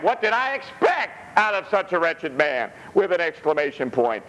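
A male pastor preaching a sermon in an animated way, dropping frequent amens. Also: high voice, moderate pace, low-quality recording. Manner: animated, punctuates with "amen".

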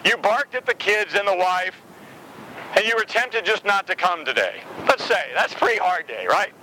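A man in his thirties preaching a sermon with animated, emphatic delivery, slipping into quoted voices. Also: sits high, moderate pace, a little hiss or hum, poor audio.

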